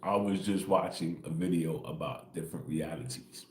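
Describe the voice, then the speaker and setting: On an early-morning spiritual livestream, a very deep-voiced man rambles casually and quietly at a moderate pace, constantly dropping in "bro" and "right?". The room is echoey and there's slight background noise.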